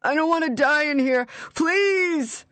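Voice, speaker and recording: A woman putting on a frightened man trapped underground, his voice raw and croaking as he begs. He pleads in a strained, raised pitch, close to breaking. An audiobook reading. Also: normal speed, no echo. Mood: terrified pleading. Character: terrified man buried alive in coffin.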